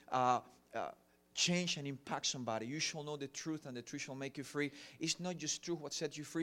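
A man's voice: on the high side, fairly bright tone. A middle-aged man from Cuba with a Cuban Spanish accent, preaching a sermon earnestly with many fillers. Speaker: pastor.

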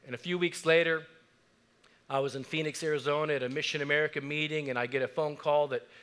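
A man's voice: fairly high pitch, steady tone, fast talker, fairly bright tone, clean tone. A middle-aged man preaching a sermon, telling stories earnestly and building to emphatic declarations. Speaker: pastor. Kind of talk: sermon storytelling.

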